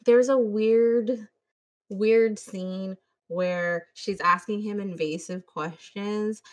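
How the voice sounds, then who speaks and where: A woman's voice: mid-range voice, steady tone, takes it slowly, a little mellow. A woman hosting a podcast, casually retelling a movie with plenty of swearing and quoted voices. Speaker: podcast host. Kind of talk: casual movie-review chat.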